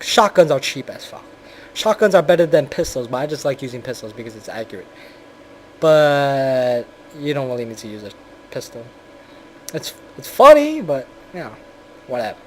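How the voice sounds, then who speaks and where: A man's voice: on the high side, a bit bright. A man giving a blunt, profane, rambling commentary on a video game.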